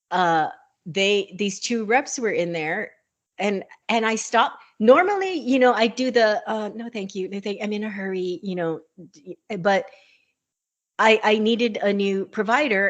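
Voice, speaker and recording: A woman in her sixties, a podcast co-host chatting casually and telling a story, laughing often and acting out the people she quotes. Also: mid-range voice. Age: 60s. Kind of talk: casual chat.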